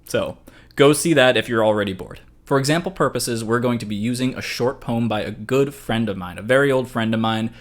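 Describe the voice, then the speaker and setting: A man's voice: medium pitch, brisk. A man giving a casual online lesson on songwriting, explaining step by step in a chatty way with joking asides. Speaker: music teacher.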